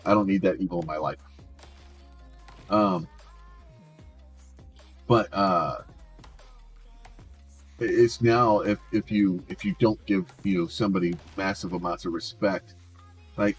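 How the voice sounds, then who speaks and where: A man streaming a game, chatting casually and rambling, often restarting his words. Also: sits low. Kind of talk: casual chat while gaming.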